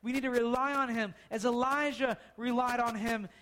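Brief: a high-voiced male preacher, chatty storytelling sermon, asks the room questions. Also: steady tone, normal speed, fairly bright tone, a little hiss or hum. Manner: conversational, asks the listeners questions.

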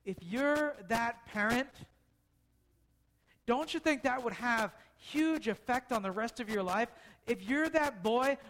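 A man's voice: very high voice, expressive, takes it slowly, fairly bright tone. A man preaching a casual storytelling sermon, talking conversationally and asking the listeners questions.

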